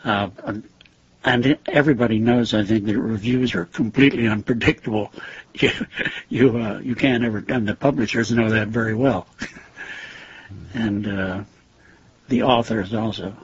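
Very husky older man recalling stories. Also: fairly low pitch, dry recording. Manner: halting storyteller, frequent fillers and chuckles. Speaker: guest, former teacher. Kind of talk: reminiscing interview. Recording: dull lo-fi recording.

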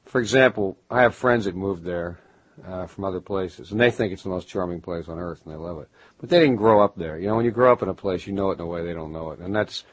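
A middle-aged man from Baltimore, a writer being interviewed, musing in a halting way with many restarts. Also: sits low, no echo, low-quality recording. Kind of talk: reflective conversational interview.

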